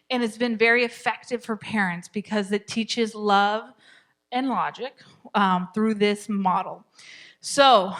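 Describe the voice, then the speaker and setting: A middle-aged woman teaching a parenting class in a church, chatty and laughing, sometimes dropping to a soft whisper to show a calm tone. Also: medium pitch. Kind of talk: live class talk.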